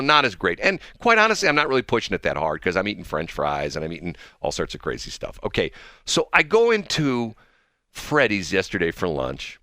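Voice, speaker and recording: A man's voice: sits low, bright, forceful tone, no room sound, clean studio sound. A man hosting a radio talk show, telling a rambling story with chuckles and self-deprecating asides. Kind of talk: casual storytelling chat.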